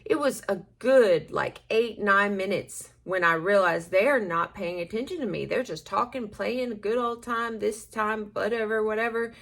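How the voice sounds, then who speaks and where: A woman's voice: medium pitch, a little slow, vocal fry, few pauses, a bit bright. A woman teacher chatting at home while getting ready, rambling and self-deprecating with occasional laughs. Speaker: schoolteacher. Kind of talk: casual get-ready-with-me chat.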